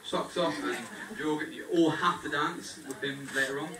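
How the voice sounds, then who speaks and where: A young man with a slightly high voice speaks at a normal speed in a steady tone, delivering a playful, grateful groom's speech straight to his wedding guests. The reception hall echoes, the mic sits far away, and the loud crowd laughs and chatters around him.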